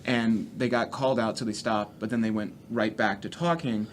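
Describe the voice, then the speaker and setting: A man's voice: fairly low pitch, moderate pace, slight background noise. A man, a stand-up comedian, telling profane road stories as a podcast guest. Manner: profane, animated storyteller. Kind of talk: casual storytelling.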